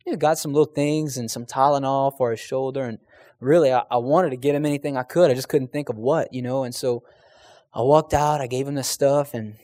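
A man's voice: mid-range voice, fairly even intonation, fairly quick, warm tone, no echo. A man telling a personal faith testimony in an earnest, conversational way, speaking straight to his listeners.

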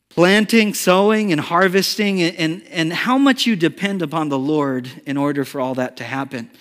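Male pastor, high voice, chatty animated preaching, echoing church hall. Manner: conversational, animated storytelling with rhetorical questions. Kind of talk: sermon.

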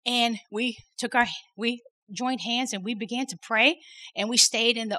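Her voice on the high side and sharp, a middle-aged woman speaks at normal speed with a steady tone while giving an earnest faith testimony at a women's workshop. She repeats words for emphasis, and the audio quality is poor.

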